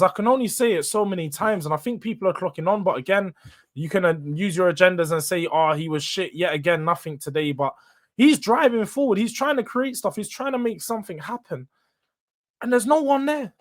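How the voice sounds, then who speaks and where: A young man hosts a fan reaction show, speaking in a fairly high voice. He rants with frustration, building into sudden loud outbursts before dropping back down. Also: animated, a little fast. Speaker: host. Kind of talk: fan match reaction monologue.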